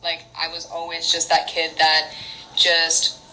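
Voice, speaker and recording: A woman's voice: deep voice, monotone, takes it slowly, sharp tone, rough recording. A young woman from Canada chatting casually on a phone livestream at home, rambling through childhood stories with lots of giggles and fillers. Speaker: singer on an Instagram live.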